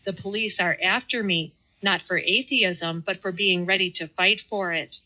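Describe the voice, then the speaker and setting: Lady narrator doing a stubborn young atheist guy, slow and vehement, bright voice, muffled audio. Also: on the low side. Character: fierce stubborn young atheist man in disguise.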